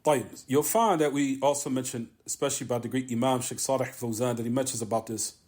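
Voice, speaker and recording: A man of middle pitch gives a religious lesson in a mosque. He talks with emphasis, circles back to repeat his key lines, and pauses between phrases. Arabic terms run all through his teaching. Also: steady tone, darkish tone. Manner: repetitive, emphatic, drawn-out pauses. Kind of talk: religious lesson on a classical text.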